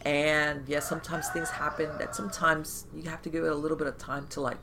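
A woman podcast host giving conversational advice, animated and talking in loose run-on phrases full of fillers, often acting out inner voices. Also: low voice, brisk, noisy background. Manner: animated, acts out inner voices and quoted thoughts.

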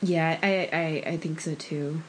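A woman's voice: deep voice, steady tone, unhurried, a little hiss or hum. A woman co-hosting a casual podcast, animatedly retelling cartoon scenes and acting out the characters' lines. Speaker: podcast co-host. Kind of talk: casual chat recapping a cartoon episode.

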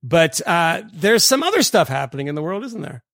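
A man co-hosting a podcast, reading a listener's email aloud in a rambling way with lots of fillers and quick laughs. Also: fairly high pitch, very animated, fairly bright tone, dry recording, clean studio sound. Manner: rambling, many fillers, laughs mid-sentence. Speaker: podcast co-host.

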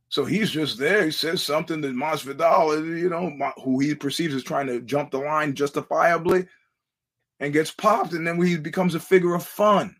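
A man's voice: on the high side, fairly quick, fairly bright tone. A middle-aged man hosting a podcast, telling digressive, blunt stories with frequent restarts. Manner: blunt and profane. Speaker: podcast host. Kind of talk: casual rambling monologue.

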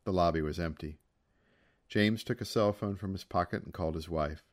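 Deep voiced guy reading a story, calm and measured. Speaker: story reader. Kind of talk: story narration.

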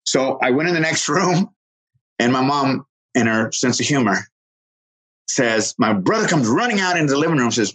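A middle-aged man earnestly telling a personal story, halting and restarting, quoting others in lively voices. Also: medium pitch, breathy edge, low-quality recording.

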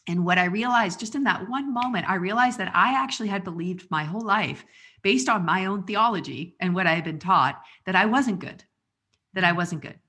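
A woman in her thirties hosting a conversational interview, telling a story with lively emotion and frequent laughs. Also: mid-range voice, a little fast. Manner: animated storyteller, emotional, laughs often, says "like" a lot. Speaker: podcast host.

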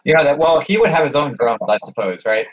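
A man's voice: on the high side, lively intonation, quick pace. A man in a casual group chat, thinking aloud through a speculative idea. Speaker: participant. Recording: dull lo-fi sound.

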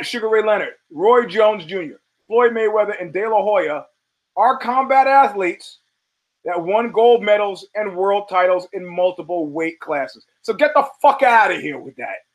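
A man's voice: high-pitched, expressive, unhurried, rough recording. A male show host giving a blunt, rambling commentary monologue full of profanity and restarts.

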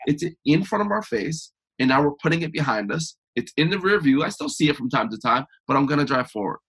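A man guest on a podcast interview, talking in an energetic, emphatic, motivational way. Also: on the high side, fast talker, husky. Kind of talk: conversational interview.

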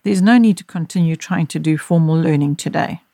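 A woman reading as a gentle soothing mother. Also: low voice, brisk, no echo. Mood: reassuring. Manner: soft, soothing, reassuring. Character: gentle, caring mother soothing her daughter.

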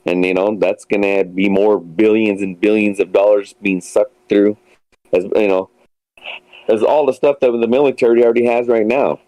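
Casual male guest, very deep, mellow voice, rambling delivery, dry lo-fi recording. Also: little pitch movement, normal speed, no echo. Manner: rambling, lots of fillers and restarts, swears casually. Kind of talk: casual podcast chat. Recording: dull lo-fi sound.

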